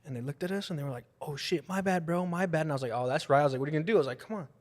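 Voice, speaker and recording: In this casual podcast storytelling, a young male guest rattles off profane party and fight tales at rapid-fire speed. His voice is on the high side, he animatedly acts out what people said, and long room reverb colors the sound.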